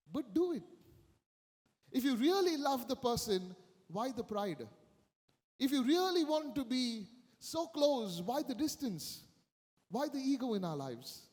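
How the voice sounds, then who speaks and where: Priest preaching, very high voice, long church echo, emphatic, repeats his points. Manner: emphatic, repeats key phrases, acts out quoted lines. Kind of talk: sermon.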